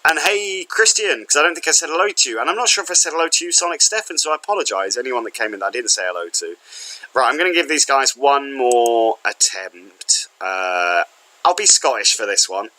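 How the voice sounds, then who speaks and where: A man's voice: medium pitch, expressive, brisk, pushed and bright, poor audio. A man chatting casually to viewers at the end of a livestream, rambling and self-deprecating. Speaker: streamer.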